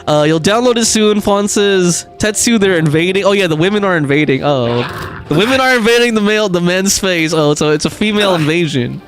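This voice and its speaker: A man with a high, very lively voice chats casually through a gaming livestream, reading viewer messages aloud. He laughs often and scatters his talk with fillers. Faint game music plays behind him. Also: brisk. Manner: animated, reads chat aloud, frequent laughs and fillers. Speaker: streamer.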